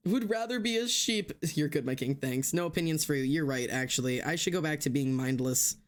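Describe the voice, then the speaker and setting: A man's voice: a little high, a little fast. A man streaming live who swears heavily, rants hotly and then laughs it off, talking straight to his chat with many restarts. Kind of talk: casual livestream chat.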